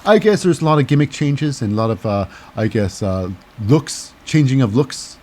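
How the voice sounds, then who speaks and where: A man's voice: mid-range voice, expressive, moderate pace, darkish tone. A man hosting a casual wrestling recap, rambling and cynical and full of fillers. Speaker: host.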